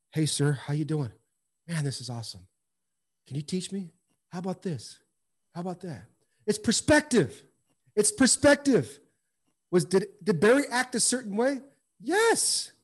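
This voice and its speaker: A man's voice: high voice, darkish tone. A man telling a story in a casual chat, blunt and emphatic, with slang and repeated words. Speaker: former baseball player as guest.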